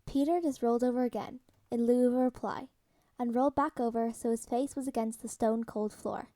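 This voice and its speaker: A woman narrating fanfiction in a plain, steady reading voice. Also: a little high, fairly quick. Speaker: fanfiction reader. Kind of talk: podfic narration.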